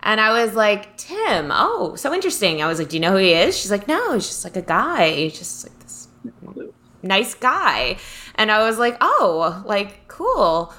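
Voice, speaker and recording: A podcast co-host with a bright, clear voice tells a story in casual chat. She gets animated and acts out the lines of the people she quotes. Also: medium pitch, moderate pace.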